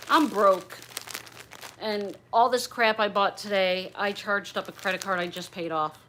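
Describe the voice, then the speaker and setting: A woman's voice: medium pitch, measured pace, a bit bright, slight background noise. A middle-aged woman chatting on a livestream as she opens gifts, gushing, bubbly and a little raunchy. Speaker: livestream host opening gifts.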